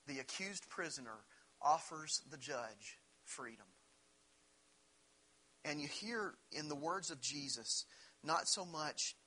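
A man preaching a sermon, earnest and emphatic, rising in pitch when he acts out scripture. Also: bright, forceful tone, slightly rough, rough recording. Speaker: pastor.

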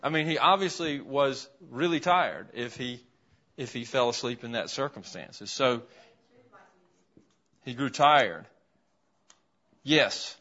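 A man's voice: mid-range voice, slow, long pauses, sharp tone. A man teaching an interactive Bible lesson in a classroom, asking his class questions as he writes a list on the board. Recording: dull, lo-fi classroom recording.

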